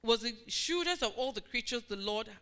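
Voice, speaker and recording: Bright high-voiced woman preaching a sermon. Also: lively intonation, a little fast, clean tone. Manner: emphatic, repeating phrases with call-and-response.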